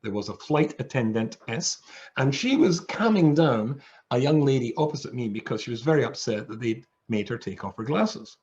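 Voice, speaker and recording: A rabbi telling a humorous story to an audience on a video call, acting out the voices of the people in it. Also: male voice, mid-range voice, animated, moderate pace, a little mellow, highs cut off. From England. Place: home, over a video call. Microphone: video call mic.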